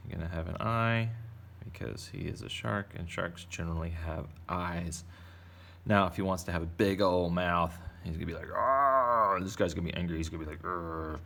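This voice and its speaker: A man's voice: low voice, fairly even intonation, fairly quick, vocal fry, a bit bright. A man casually teaching kids to draw, playful and chatty as he narrates each step. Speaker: art teacher. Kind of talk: casual drawing tutorial for kids.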